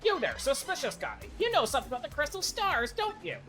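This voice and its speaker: A man voicing a brash, loud male villain grunt who blusters and bosses others around. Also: very high voice, huge pitch swings, fast, soft background music, voice pushed up, full character voice. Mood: blustering. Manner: blustering and bossy.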